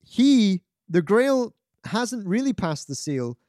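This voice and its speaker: A man co-hosting a casual film chat, animated and swearing as he acts out movie quotes. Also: high-pitched, slow, dry recording, studio quality. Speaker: podcast co-host.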